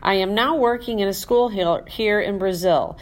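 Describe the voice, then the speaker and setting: A woman voicing a schoolteacher reading a postcard aloud to her class, in a measured, lowered voice. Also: close to an everyday voice. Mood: fond.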